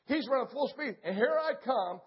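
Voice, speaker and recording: Husky high-voiced older pastor telling a story. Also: male voice, normal speed, dull audio. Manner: animated storyteller with sound effects. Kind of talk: storytelling sermon.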